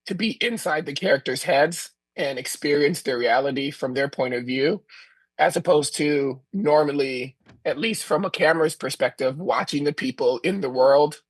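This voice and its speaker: A film director who is losing his voice, answering questions in a relaxed, thoughtful way over a video call. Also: on the high side, husky, no echo. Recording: remote video call audio.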